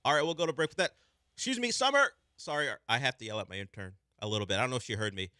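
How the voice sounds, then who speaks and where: A man's voice: racing, clear, resonant tone, dry recording. A young man hosting a sports radio show, chatting casually and animatedly from a studio mic. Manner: animated, breaks into a squeaky voice when mimicking. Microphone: studio microphone.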